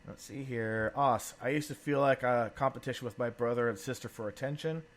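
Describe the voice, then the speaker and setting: A man in his thirties co-hosting a podcast, telling family stories in a relaxed chat and laughing often. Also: mid-range voice, brisk. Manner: animated storyteller, laughs often. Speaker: podcast co-host. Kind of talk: casual conversational storytelling.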